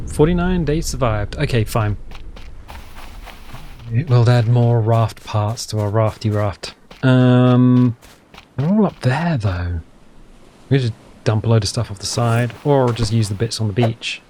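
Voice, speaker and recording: There's a little hiss or hum behind this man's dark, mid-range voice, which is slow, lively in intonation, and broken by long pauses. He rambles through a casual let's-play of a survival game, talking to himself and joking about his own mistakes.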